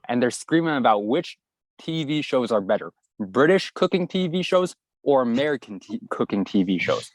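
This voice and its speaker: Animated young man telling a story. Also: medium pitch, no echo. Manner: animated anecdote telling, acts out quoted voices. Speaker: guest YouTuber. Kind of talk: casual storytelling.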